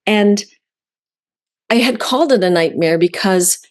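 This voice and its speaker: A woman from Canada, an author telling a heartfelt personal story, slowing down on key words. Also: medium pitch, lively intonation. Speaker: author guest.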